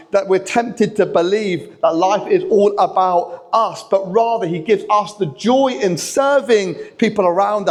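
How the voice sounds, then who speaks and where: A man, preaching a lively, chatty sermon that draws in the kids in a church hall. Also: high voice. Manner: lively, chatty, talks to the kids, acts out lines. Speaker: pastor.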